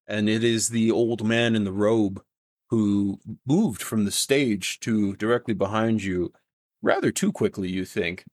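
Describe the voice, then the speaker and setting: A man's voice: lowish voice, a little slow, a little mellow, no echo, studio quality. A man running a tabletop game as game master, narrating casually with frequent restarts. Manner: casual, rambling with restarts and fillers.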